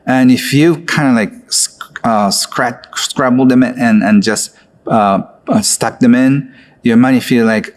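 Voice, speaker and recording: A man who leads a guided exercise in an online course, speaking gently and coaxingly with frequent filler words. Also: medium pitch, measured pace. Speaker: course instructor.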